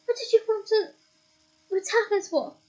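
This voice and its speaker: A woman's voice: extremely high pitch, unhurried, muffled recording, pitched above the performer's own voice. A woman doing an indignant teenage boy. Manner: indignant, loud.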